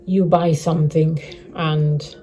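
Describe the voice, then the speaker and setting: A woman's voice: low-pitched, level tone, slow pace, mellow, soft background music. A middle-aged woman vlogging a casual update to her viewers, rambling and repeating herself, with many restarts. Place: living rough on the streets.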